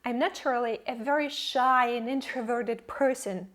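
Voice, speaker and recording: A young woman, not a native English speaker, telling her language-learning story in an earnest, measured vlog narration. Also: a little high, fairly even intonation, fairly bright tone. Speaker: English-learning channel host. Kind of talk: scripted personal vlog narration.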